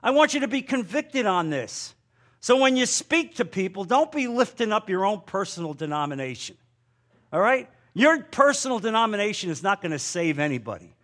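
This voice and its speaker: A male preacher delivers a sermon in a fairly high voice. He speaks fervently and with emphasis, drawing out key phrases for effect. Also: fairly bright tone.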